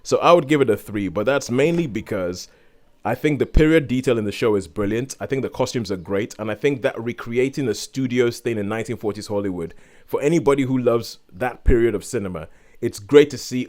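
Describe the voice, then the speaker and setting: A man co-hosting a podcast, giving an animated, exasperated review in casual chat and acting out quotes in sudden high voices. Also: a little fast. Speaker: podcast co-host reviewing a series.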